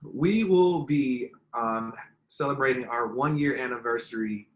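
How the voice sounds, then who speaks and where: A man's voice: mid-range voice, a little slow. A man being interviewed as a guest, answering in an earnest, rambling way with many fillers. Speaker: relationship content creator, guest. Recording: roomy echo.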